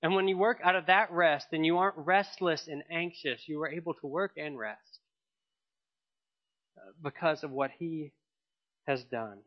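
A man's voice: a little high, moderate pace, long pauses. Earnest preaching man, muffled sound. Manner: earnest preaching with repetitions and restarts. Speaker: pastor. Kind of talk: sermon.

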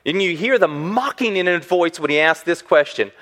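A man preaching a sermon as a pastor, animated and acting out the voices he quotes. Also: on the high side, moderate pace.

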